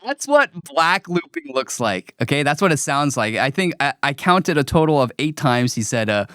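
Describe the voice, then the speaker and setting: A man's voice: a little high, sing-song, normal speed, hardly any pauses, sharp tone, clean tone, dry recording, studio quality. A man hosting a livestream, commenting on a clip in an emphatic, scornful and repetitive way. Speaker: host.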